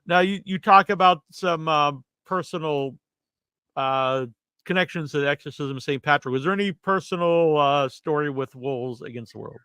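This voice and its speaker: A man's voice: a little high, normal speed, pushed and bright, smooth, no echo. A man hosting an interview podcast, asking casual questions with many fillers. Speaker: podcast host. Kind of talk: interview conversation.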